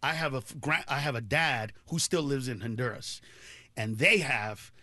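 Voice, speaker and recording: A middle-aged man, a comedian guest, telling candid stories on a podcast with animated energy that rises into loud laughing shouts. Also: mid-range voice, moderate pace, no room sound.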